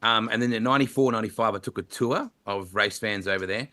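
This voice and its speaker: A man's voice: fairly low pitch, fast. A middle-aged Australian man, a motorsport commentator, telling stories in an interview and slipping into playful voices. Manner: animated anecdotes with playful voices. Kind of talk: storytelling interview answers.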